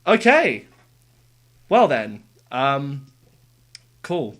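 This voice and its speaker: A streamer giving casual live reaction commentary, excitable, with quick exclamations and casual slang aimed at chat. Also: medium pitch. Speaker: livestreamer.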